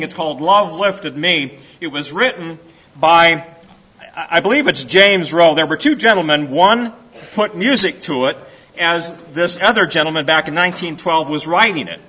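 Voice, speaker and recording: A man's voice: fairly high pitch, sharp tone, slightly rough. A man leading a church service, speaking in a folksy, conversational and encouraging way as he introduces a hymn. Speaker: song leader in a church service. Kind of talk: informal sermon and song introduction. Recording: dull lo-fi church recording with faint music.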